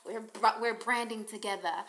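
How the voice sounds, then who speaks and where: A woman's voice: on the high side, steady tone, moderate pace, a bit bright, a little hiss or hum. A woman filling in as host of a casual news chat podcast, talking in a bubbly, playful, teasing way. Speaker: fill-in host.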